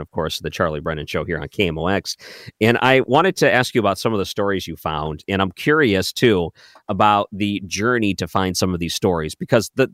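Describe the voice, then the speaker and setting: A man hosts a radio interview from a studio in a playful, upbeat way, gently ribbing his guest. His voice sits low, and the sound is dry and close, with no room around it. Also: dry recording. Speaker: radio host.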